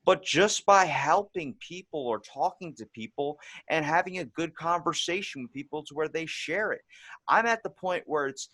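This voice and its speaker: A man hosting a podcast, telling stories in a casual, animated way with frequent restarts. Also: a little high, dry recording. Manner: animated storyteller, restarts often. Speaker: podcast host. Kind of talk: casual conversation.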